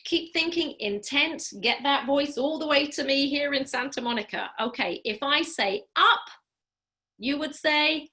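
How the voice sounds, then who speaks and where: A woman speech-language pathologist leading an online group through voice exercises, upbeat and encouraging, with a clear, deliberate, coaching delivery over a video call. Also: high voice, pushed and bright. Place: home, during a live online program.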